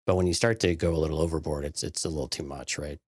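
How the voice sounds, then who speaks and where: A man with a very deep voice talks through his views as a podcast co-host. He sounds easygoing and reflective. The recording is dry and close. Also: fairly even intonation, quick pace, slightly rough, no echo. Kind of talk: casual chat.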